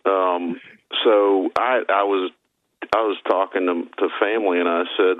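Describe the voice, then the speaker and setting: A man calling in to a radio talk show, speaking in a halting way. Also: deep voice, steady tone, dry recording. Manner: halting, many fillers and restarts. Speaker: caller. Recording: tinny phone line.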